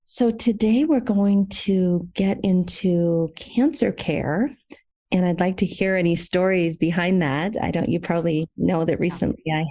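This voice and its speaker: Gravelly, low-voiced woman podcast host. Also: unhurried, warm tone. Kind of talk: casual interview.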